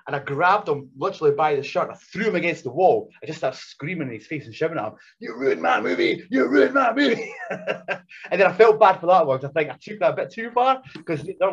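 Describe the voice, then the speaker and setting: Animated husky storyteller man. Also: on the high side, fast, few pauses. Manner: animated, acts out voices in anecdotes. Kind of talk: casual storytelling chat. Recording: dull lo-fi recording.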